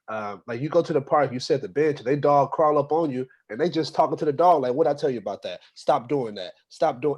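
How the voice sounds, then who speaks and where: A young man doing a stand-up set at an open mic, talking loosely with plenty of fillers. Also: mid-range voice. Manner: loose, conversational delivery with many fillers. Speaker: stand-up comic.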